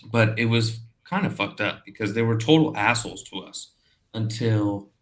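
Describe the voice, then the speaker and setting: A man's voice: on the low side, moderate pace. A man from Brazil, a podcast guest, telling stories animatedly with lots of swearing. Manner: animated storyteller, swears a lot, acts out quotes. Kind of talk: casual chat.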